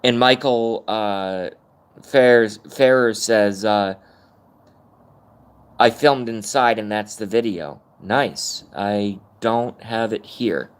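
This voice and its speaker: A man's voice: fairly low pitch, slow, clean tone. A middle-aged man ranting casually on a livestream, rambling and swearing while chatting with viewers. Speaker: livestream host.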